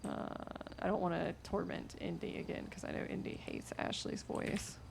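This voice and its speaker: A woman's voice: on the low side, steady tone, moderate pace, creaky, noisy background. A young woman from the American South chatting casually on a stream, rambling with lots of fillers and restarts.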